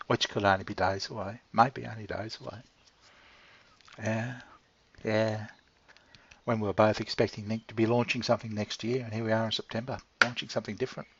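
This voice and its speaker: A middle-aged man with a fairly low, slightly bright, somewhat rough voice chats casually to his pet for his channel. He swears freely and chuckles often, captured in a dull lo-fi recording.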